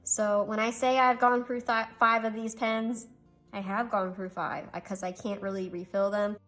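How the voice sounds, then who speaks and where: A woman's voice: mid-range voice, flat delivery, moderate pace, a bit bright, soft background music. A young woman chatting casually through a pen review, gushing and making self-deprecating asides. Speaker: stationery reviewer.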